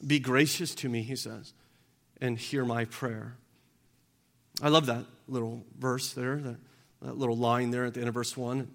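A pastor preaches conversationally in a mid-range, creaky voice with flat delivery at a normal speed. He asks the congregation questions, acts out quoted voices, and stumbles and repeats words, all under the long reverb of a large hall.

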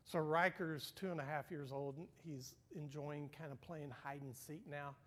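Older male pastor, animated sermon storytelling. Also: a little high, normal speed, a little hiss or hum. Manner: animated, acts out dialogue, swings from hushed to loud.

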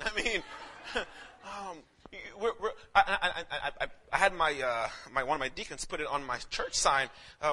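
A male pastor preaching a casual, animated sermon, swinging from shouts to hushed lines and calling listeners man. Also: fairly high pitch. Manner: casual street talk, calls listeners man.

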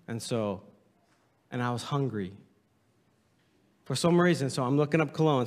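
A man's voice: mid-range voice, long reverb tail. A male pastor giving a humorous sermon to his congregation, joking and reading aloud with mock drama. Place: church sanctuary.

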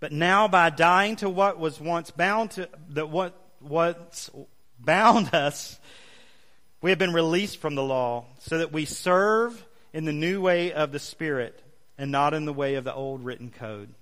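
A male pastor preaching a sermon, leading the congregation in call-and-response with emphatic, drawn-out phrases. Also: on the high side, a bit bright. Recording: long hall reverb.

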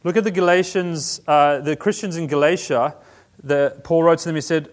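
A man's voice: on the high side, steady tone, moderate pace. A man teaching a church group in a conversational style, restarting phrases and adding humorous asides. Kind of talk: informal teaching talk.

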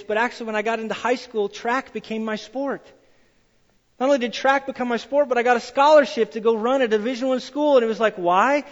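Male preacher with a high voice, lively storytelling sermon, dull recording in a reverberant hall. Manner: animated storytelling, acts out quoted voices. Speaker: pastor.

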